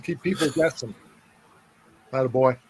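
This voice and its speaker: A man's voice: mid-range voice, moderate pace, a little mellow, slightly rough. A man co-hosting a live whisky show, joking and teasing his guests in a playful, self-mocking way. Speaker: co-host. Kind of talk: joking live-stream banter.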